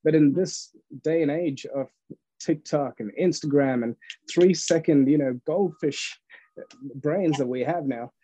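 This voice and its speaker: A man, an entrepreneur guest on a podcast, telling lively stories with frequent laughs and acted-out dialogue. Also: a little high, unhurried, slightly rough. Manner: animated storyteller, laughs often, acts out dialogue. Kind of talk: casual storytelling interview.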